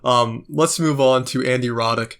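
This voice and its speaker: A man's voice: mid-range voice, steady tone, moderate pace, a bit bright. A man vlogging in a casual monologue, ranting with swearing and lots of fillers. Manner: ranting, profane, many fillers.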